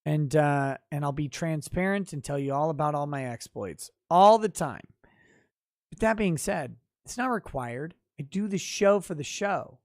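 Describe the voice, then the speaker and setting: A man hosting a casual livestream, reading viewer comments aloud and breaking into loud, profane, mock-boastful rants. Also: on the high side, unhurried, no room sound, studio quality. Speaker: livestream host.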